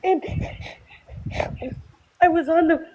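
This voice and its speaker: A woman guest on a live stream who is upset and near tears, speaking haltingly and apologetically. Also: extremely high pitch, darkish tone, low-quality recording. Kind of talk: casual live-stream chat.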